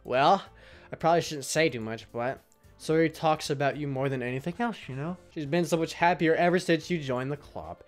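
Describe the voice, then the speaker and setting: A man reading lines for a composed, polite club president girl in a soft, measured way. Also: on the high side, faint music behind, natural voice. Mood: gentle.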